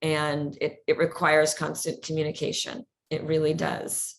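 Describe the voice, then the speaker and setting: A middle-aged woman chatting as a guest in an interview, energetic, laughing often and repeating words as she talks. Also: low voice, measured pace, gravelly. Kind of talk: casual interview chat.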